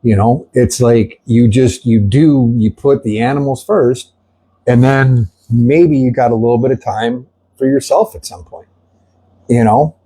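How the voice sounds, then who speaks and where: Sitting with dogs at an animal rescue, a middle-aged man from the rescue speaks candidly to camera, grieving and angry. His mid-range voice is mellow with a breathy edge, and he's earnest but rambling, with frequent fillers and blunt swearing.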